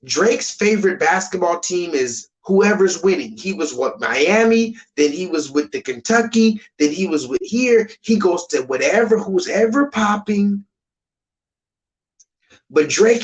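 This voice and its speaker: A man's voice: fairly high pitch, low-quality recording. A man ranting on a live stream, emphatic and repetitive, swearing freely.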